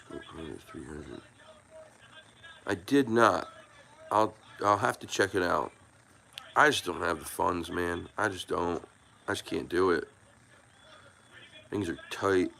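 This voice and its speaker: A man with a low, gravelly voice hosts a live stream, chatting loosely with his audience. He rambles and restarts his sentences, earnest and a little emotional as he thanks people in the chat by name. His tone stays friendly and unpolished throughout. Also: slow pace, long pauses, sharp tone, slight background noise. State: emotional, moved by viewers. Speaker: YouTube live stream host. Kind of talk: casual live chat with viewers.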